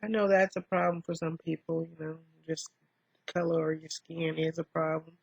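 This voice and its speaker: A woman vlogger talking softly and reflectively in a rambling way while doing her makeup, in a dull lo-fi recording. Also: sits low, flat delivery, moderate pace, vocal fry, husky, no room sound. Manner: soft-spoken, rambling, musing.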